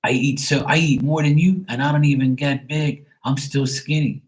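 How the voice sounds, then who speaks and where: A man's voice: fairly high pitch, steady tone, normal speed, pitched above the performer's own voice, close to an everyday voice. A man imitating his young male nephew, cheeky and mocking in a playful way. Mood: boasting.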